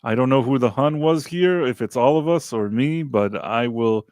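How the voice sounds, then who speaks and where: A man hosting a casual podcast livestream, relaxed as he reads out and thanks viewers from the chat. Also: medium pitch, normal speed, smooth, no echo, studio quality. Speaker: podcast host.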